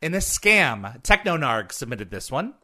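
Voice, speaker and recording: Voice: mid-range voice, very animated, unhurried, background noise. A trivia quizmaster on a live online show who is upbeat, laughs often and reads the questions aloud over a video call.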